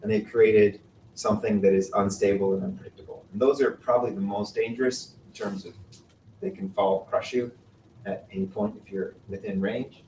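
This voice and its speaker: A man's voice: on the low side, darkish tone. A man giving a classroom lecture on glaciers, quizzing the class and explaining patiently. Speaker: mountaineering instructor. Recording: roomy, distant mic with faint noise.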